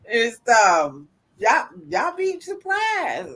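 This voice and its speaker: A woman with a bright, somewhat high voice on a casual spiritual podcast. She talks in a relaxed, agreeable way and often chimes in with murmured agreement. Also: drawn-out words. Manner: relaxed, agreeable, chiming in with mm-hmms.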